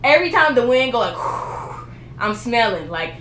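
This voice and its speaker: A woman's voice: fairly high pitch, unhurried. A young woman hosting a couple's vlog, telling a story in casual chat and acting out what people said. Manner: animated storyteller, acts out quotes. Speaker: vlog co-host. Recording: echoey room with faint noise.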